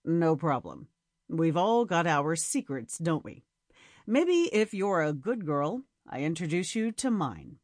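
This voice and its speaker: A low, smooth-talking charmer flirts in a storybook romance, as a woman narrator puts him on. His voice sits well below her own, teasing and slow. The sound is close and dry, with no room around it. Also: sing-song, darkish tone, no echo, exaggerated voice. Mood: flirtatious. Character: flirtatious man, deep-voiced outdoorsy charmer.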